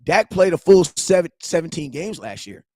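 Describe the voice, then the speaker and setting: A man's voice: on the high side, very animated, moderate pace, dark tone, no room sound. A young man hosting a sports talk stream, heated and slangy, repeating himself and talking straight to his viewers. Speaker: sports talk show host. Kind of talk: live-stream sports rant.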